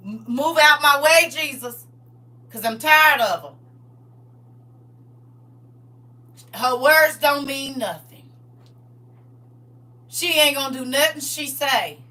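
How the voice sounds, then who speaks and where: A woman's voice: fairly low pitch, moderate pace, long pauses, distant mic, voice pushed down, close to an everyday voice. A woman acting out a stern, fed-up God the Father, threatening and impatient, in a comedic retelling. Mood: angry.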